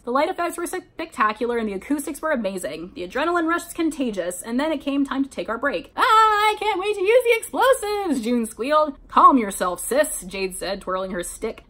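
A woman's voice: a little high, fairly bright tone. A woman reading a fan-written story aloud, breaking off for sarcastic commentary between passages. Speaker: YouTuber reading fanfiction aloud.

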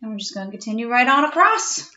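A woman's voice: a little high, very animated, fast talker, noisy background. A middle-aged woman, an art teacher, talking step by step through a drawing tutorial in a chatty way. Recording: echoey room, dull lo-fi sound.

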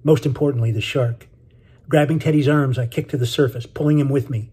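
A man reading his own novel aloud in steady, measured scripted narration. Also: medium pitch, slightly rough.

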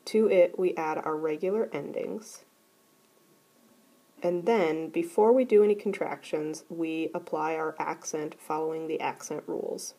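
Woman teacher, methodical lesson delivery, warm low voice. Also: measured pace. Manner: clear, methodical explaining. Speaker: Greek teacher. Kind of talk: recorded grammar lesson.

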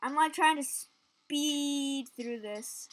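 A young woman giving excitable, casual commentary while playing a game, yelping at near misses. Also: high-pitched, very slow, a little hiss or hum. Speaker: gaming channel host.

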